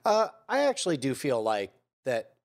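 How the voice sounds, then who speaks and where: Musing man with halting, filler-heavy talk. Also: mid-range voice, sing-song. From United States. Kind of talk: casual discussion of a TV series.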